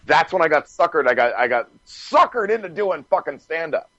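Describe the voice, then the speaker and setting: A man guest on a podcast, telling stories in a casual, animated way, swearing freely and laughing as he goes. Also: fairly high pitch, moderate pace, no room sound, lo-fi sound. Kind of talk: casual storytelling.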